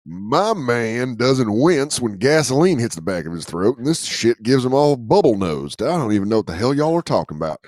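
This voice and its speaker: A man's voice: mid-range voice, big pitch swings, normal speed, few pauses, darkish tone, no echo. A man co-hosting a podcast in casual comedic banter, crude and jokey, in a studio. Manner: crude, jokey, slips into mock accents. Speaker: podcast co-host.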